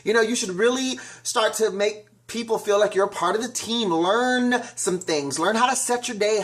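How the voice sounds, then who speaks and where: A man puts on a businesslike woman who heads a real-estate office. She speaks in a measured, pointed way and keeps her tone firm. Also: high voice, a bit bright.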